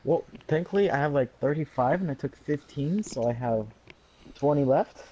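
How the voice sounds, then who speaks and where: Young male player with a lively, expressive voice and a profane, excitable manner. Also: on the high side, normal speed, dull audio, a little hiss or hum. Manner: animated, exasperated, swearing. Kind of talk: casual tabletop play.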